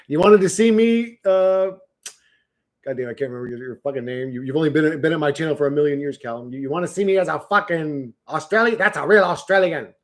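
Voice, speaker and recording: A man's voice: a little high, a little fast. Rambling, profane man livestreaming. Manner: rambling, profane, restarts words. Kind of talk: casual livestream chat.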